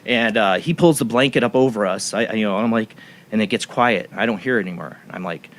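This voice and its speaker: A man's voice: on the low side, fairly quick, a bit bright. A man hosting a talk show, telling a personal story in a rambling way with many restarts. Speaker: radio show host. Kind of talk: casual radio talk show chat.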